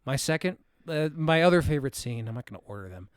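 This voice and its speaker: A man co-hosting a podcast, talking through a film in a halting, reflective way and searching for his words. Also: mid-range voice, animated, clean tone, no room sound, clean studio sound. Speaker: podcast co-host. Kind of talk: casual film discussion.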